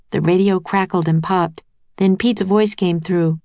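A woman narrating a children's storybook aloud in a clear, even telling. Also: on the low side, unhurried, no room sound.

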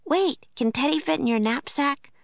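A plucky young girl from a storybook, high-voiced and urgent, as a woman reads her. She sounds eager and takes charge. The voice is set close and dry, with no room around it. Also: moderate pace, vocal fry, no room sound.

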